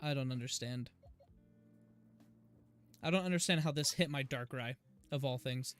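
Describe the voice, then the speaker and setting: An American gaming streamer with a mid-range voice talks at a moderate pace, chatting casually with his viewers as he plays. He rambles from topic to topic and laughs easily, with faint game music behind him.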